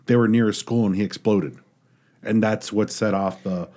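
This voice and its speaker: A man's voice: lowish voice, fairly even intonation, moderate pace, dark tone. Rambling man in casual chat.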